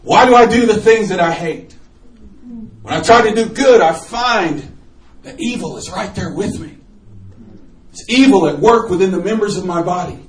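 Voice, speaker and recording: A male preacher giving a sermon testimony, animated storytelling and laughing often, sometimes bursting into shouts. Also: sits high, moderate pace, pauses often. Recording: echoey room, from far off.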